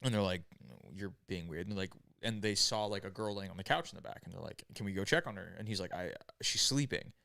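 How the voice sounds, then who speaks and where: A man's voice: sits low, quick pace, creaky, hardly any pauses, bright, forceful tone, no echo. A man casually telling a grim story to friends on a podcast, rambling and profane, with many "right?"s and "like"s. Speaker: podcast host.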